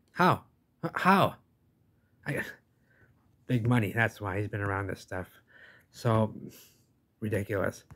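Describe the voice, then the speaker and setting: A man's voice: mid-range voice, slightly rough. Rambling, enthusiastic commentary man. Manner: rambling, enthusiastic, says "baby" and "folks". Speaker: video commentator. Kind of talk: casual reaction commentary.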